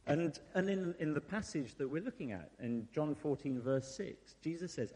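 A man preaching a sermon in a relaxed, conversational way, with fillers and asides to the congregation. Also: a little high, a little fast, few pauses, a little hiss or hum. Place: church hall. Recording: long hall reverb.

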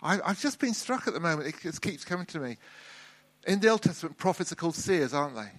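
A middle-aged man preaching a sermon in a relaxed, conversational way, often restarting and repeating words. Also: a little high, fast talker.

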